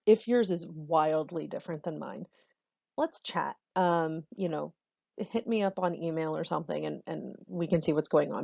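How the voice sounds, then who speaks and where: A woman's voice: deep voice, vocal fry, darkish tone, husky, dry recording, highs cut off. A woman drama teacher giving a recorded online lesson, chatty and self-correcting, laughing often.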